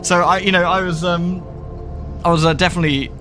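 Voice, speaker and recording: A man's voice: high voice, little pitch movement, brisk, music in the background. A man with a West Country English accent, chatting casually and rambling while he streams a game. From England. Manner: chatty, rambling, lots of fillers and restarts. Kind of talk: casual gaming commentary.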